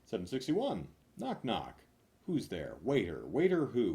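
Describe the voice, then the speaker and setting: Lively low-voiced guy reading jokes, big swings between loud and mumbled. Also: unhurried. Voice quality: animated, jumps between loud punchlines and mumbled asides. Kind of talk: rapid-fire joke reading.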